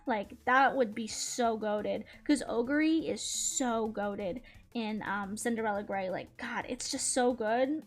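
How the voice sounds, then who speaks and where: A woman with a high voice chats casually as she draws on stream. She gushes like an excited fan, laughs often and swears freely, with faint music playing underneath. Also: a little slow. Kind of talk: casual chat while drawing.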